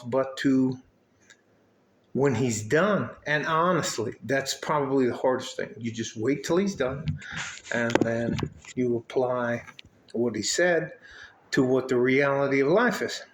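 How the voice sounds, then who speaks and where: Older guy coaching young men, rambly and swears a lot, kinda fatherly, roomy echo. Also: medium pitch. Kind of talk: casual vlog talk to camera.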